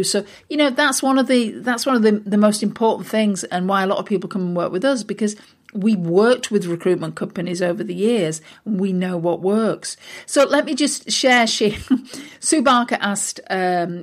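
A woman, a business coach for recruitment firms, giving a casual motivational talk in a chatty, informal way with lots of fillers. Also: medium pitch.

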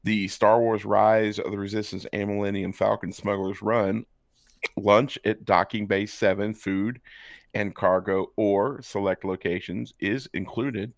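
Brief: low gravelly male co-host, dry close sound, reads with wry asides. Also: steady tone, unhurried, no room sound. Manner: sarcastic asides while reading aloud. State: hiccups. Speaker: podcast co-host. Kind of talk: casual chat, reading and joking.

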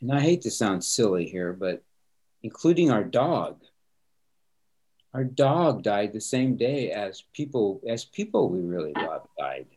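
A man's voice: fairly low pitch, sing-song, unhurried, darkish tone, slightly rough. A middle-aged man, a pastor, speaking earnestly and reflectively in a conversation, often repeating words as he starts sentences. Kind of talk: conversational interview answers.

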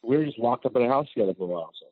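A man talking casually as a guest chef, telling stories in a lively way and acting out quotes. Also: medium pitch, rapid-fire, husky, no room sound, narrow, tinny audio. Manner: animated storyteller, acts out quotes. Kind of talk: casual chat.

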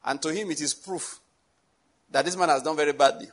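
Husky, emphatic male preacher. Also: on the high side, a little fast. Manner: animated, emphatic, repeats "I hope you're getting my point". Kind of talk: sermon.

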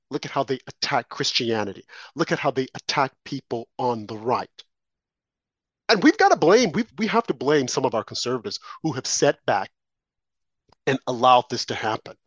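A man's voice: medium pitch, a bit bright, no room sound, lo-fi sound. A man co-hosting a political talk show, delivering impassioned, preachy commentary full of rhetorical questions and warnings.

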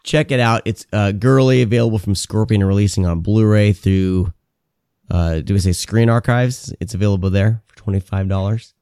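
Male podcast host, smooth and clear tone, dry close sound, joking and loose with plenty of fillers. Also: lowish voice, normal speed, dark tone, no room sound. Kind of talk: casual chat.

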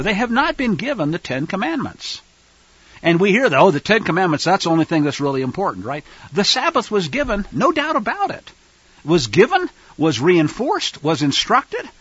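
A man teaching scripture to a fellowship, animated and acting out quoted lines. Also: a little high, slightly rough, no echo, highs cut off.

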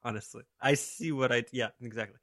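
A man's voice: mid-range voice, steady tone, brisk, fairly bright tone, no echo, studio quality. A young man co-hosting a podcast, chatting casually and rambling through a story with frequent laughs. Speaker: podcast co-host. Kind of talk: casual chat.

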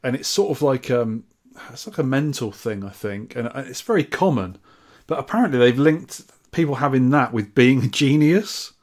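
A man's voice: mid-range voice, animated, normal speed, darkish tone. A man co-hosting a casual podcast, reading listener messages and trading dry, teasing banter. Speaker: podcast co-host. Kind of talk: casual chat.

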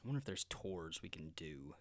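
A man with a lowish voice chats through a show recap, loose and joking, often letting his sentences trail away. The sound is dry and close. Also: very animated, a little fast, no room sound. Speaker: podcast co-host. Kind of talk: casual TV recap chat.

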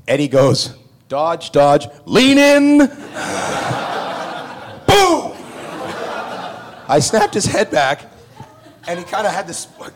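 Animated man telling stories at a panel. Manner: animated, acts out other people's lines with loud jumps in pitch; laughs often while telling. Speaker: actor answering fan questions. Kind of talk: panel Q&A storytelling.

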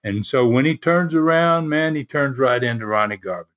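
A man casually telling a wrestling story, animated and chuckling, dropping "man" into his sentences. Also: mid-range voice, normal speed. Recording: dull lo-fi recording.

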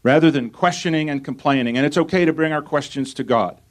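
A man's voice: a little high, fast. Man preaching an earnest sermon. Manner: earnest preaching, reads scripture aloud and asks rhetorical questions. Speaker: pastor.

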